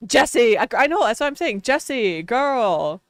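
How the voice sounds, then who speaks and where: Wisconsin lady streaming a game, smooth clear voice, dry close sound, giggly and chatty. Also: on the high side, big pitch swings, measured pace, no echo. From Wisconsin, US Midwest. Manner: chatty, laughs often, talks to chat and at the game. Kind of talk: casual live-stream chat.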